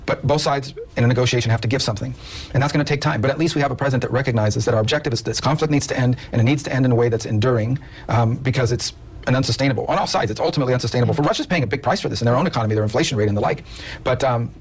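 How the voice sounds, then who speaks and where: A man's voice: medium pitch, rapid-fire, husky. A man speaking as a government official in a played interview clip, firm and insistent. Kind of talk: press interview answer.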